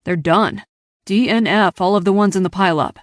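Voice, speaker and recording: A woman's voice: medium pitch, moderate pace, dry recording, studio quality, lightly acted. A woman narrating an audiobook, voicing a brash male race spotter who swears and barks urgent orders over the radio.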